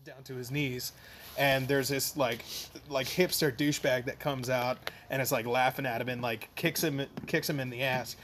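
A man's voice: medium pitch, steady tone, moderate pace, noisy background. A man co-hosting a podcast in casual chat, explaining eagerly and repeating words as he goes. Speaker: podcast co-host.

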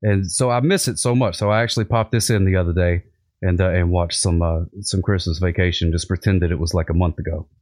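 A man hosts a loose comedic conversation in a somewhat low voice. He rambles and jokes his way through tangents, doubling back on his words as he goes. The delivery is relaxed and conversational. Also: brisk. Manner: rambling and jokey, with many restarts. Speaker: podcast host. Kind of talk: casual comedic chat.

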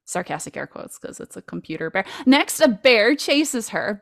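A woman's voice: mid-range voice, very animated, moderate pace, gravelly, hardly any pauses, no room sound, studio quality. A woman hosting a podcast, recapping a film in a playful, jokey way with frequent laughs. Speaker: podcast host.

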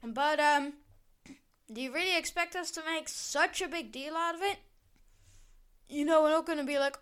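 High-voiced rambling teen girl podcaster. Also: moderate pace, fairly bright tone. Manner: rambling, sarcastic, swears and backtracks often. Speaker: podcast host. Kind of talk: casual solo podcast rant.

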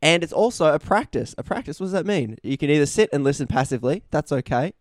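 A man's voice: a little high, animated, fast, no room sound, studio quality. Playful man hosting a podcast. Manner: chatty and playful, teasing the guest. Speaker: podcast host. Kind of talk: casual podcast interview.

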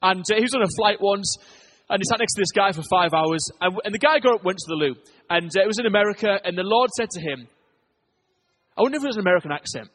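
A man preaching a sermon to his church, telling stories and swinging between loud urgent lines and hushed ones. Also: high-pitched, lively intonation, fast talker, slight background noise. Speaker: pastor.

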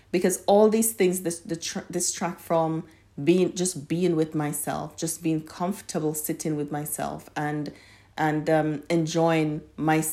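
Earnest woman with a lowish voice. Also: a little mellow. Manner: earnest, repeats words as she searches for them. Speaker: mother and self-help speaker. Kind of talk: reflective self-help talk.

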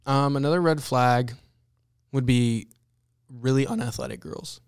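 A man's voice: mid-range voice, measured pace, clear, resonant tone. A young man co-hosting a casual podcast chat, blunt and swearing freely. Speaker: podcast co-host.

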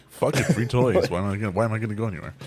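A man's voice: fairly low pitch, fast talker. A man hosting a casual podcast, telling stories with lots of swearing and acting out what people said. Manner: animated storyteller, swears often, acts out quoted voices. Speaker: podcast host.

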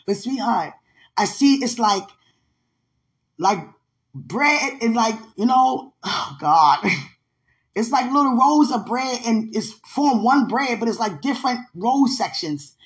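A woman hosting a podcast, talking affectionately and laughing often, then moving into fervent prayer. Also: mid-range voice. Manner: affectionate, laughs often, speaks with religious fervor. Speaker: podcast host. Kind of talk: casual spiritual monologue with prayer.

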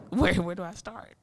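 A woman's voice: on the low side, dry recording. A young woman, chatting casually in a laid-back, teasing, profane way. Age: young adult. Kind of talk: casual chat.

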